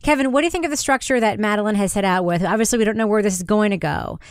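A woman hosting a podcast discussion, talking in a chatty, quick way and laughing often. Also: mid-range voice, clean tone, no room sound, studio quality. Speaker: podcast host.

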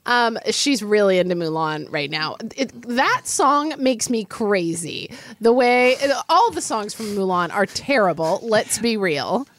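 A woman in her thirties chatting casually while tasting food, animated and opinionated, with quick asides. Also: mid-range voice, no room sound.

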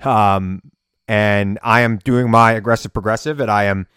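A man talks through a casual solo podcast episode, animated and sometimes raising his voice to act out the story. His voice sits low, and the sound is dry and close with no room echo. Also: normal speed, clean tone. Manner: animated storytelling, bursts of yelling when reenacting. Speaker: podcast host and political commentator. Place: home basement studio.

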